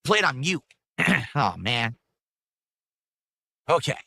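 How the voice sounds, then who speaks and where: A man recapping a game trailer for his channel in a bright, tense voice. The sound is close and dry, and he delivers his takes matter-of-factly with dismissive asides. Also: mid-range voice, big pitch swings, takes it slowly, creaky, dry recording. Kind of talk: video game news recap.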